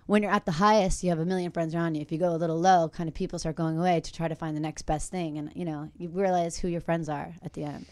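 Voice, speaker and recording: Brief: female talk-show guest, fairly low voice, warm and effusive. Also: fairly even intonation, fast talker, hardly any pauses, no room sound. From United States. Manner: warm, gushing. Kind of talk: casual interview talk.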